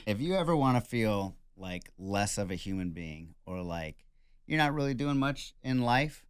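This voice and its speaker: A man's voice: lowish voice, sing-song, normal speed, smooth, no room sound. A man in his forties co-hosting a podcast, cracking wry jokes in casual chat. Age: 40s. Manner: joking, wry asides. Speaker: podcast co-host.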